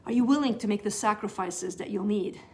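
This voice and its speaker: A woman's voice: medium pitch, a little fast. A middle-aged woman giving a teaching session to new believers, talking in an earnest, conversational way with frequent restarts. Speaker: Bible teacher.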